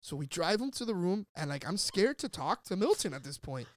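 A man telling a wild story in casual chat, animated and swearing, shouting out the lines he quotes. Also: sits high, fairly quick. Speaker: podcast guest storyteller.

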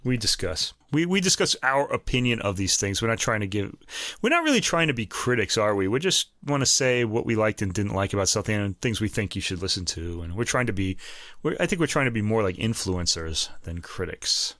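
A man co-hosting a casual podcast, a chatty storyteller who gets animated when quoting people. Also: fairly low pitch, fairly quick, no echo, studio quality. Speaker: podcast co-host.

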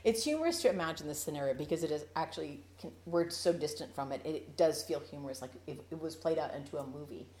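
A woman teaching a verse-by-verse Bible study for women, playful and animated, acting out the quotes, then earnest and urgent when she exhorts. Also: low-pitched, quick pace, few pauses, a little hiss or hum. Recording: roomy echo.

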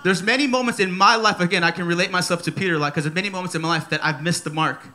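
A man in his thirties preaching a sermon at a church service, energetic and playful, repeating his key phrases. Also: high-pitched, rapid-fire. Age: 30s.

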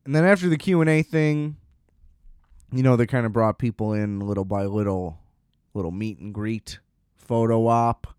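A man's voice: on the low side, normal speed, a little mellow, clean tone, no room sound, clean studio sound. A man casually telling a rambling, self-deprecating story, often laughing at himself.

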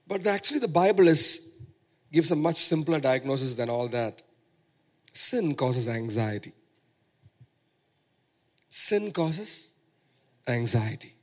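A man's voice: fairly high pitch, lively intonation, slow, pauses often, a bit bright. A man preaching a sermon, emphatic and repeating phrases for stress.

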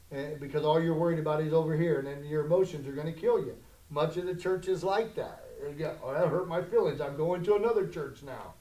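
A male pastor preaching a conversational sermon that swells into loud, emphatic challenges, in a church sanctuary. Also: on the high side. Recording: echoey room.

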